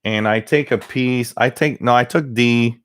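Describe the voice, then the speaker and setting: A man's voice: mid-range voice, measured pace, clean tone, dry recording, clean studio sound. A man hosting a live stream, chatting casually, reading viewer comments and telling rambling stories with many restarts. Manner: mimics others with a raised voice.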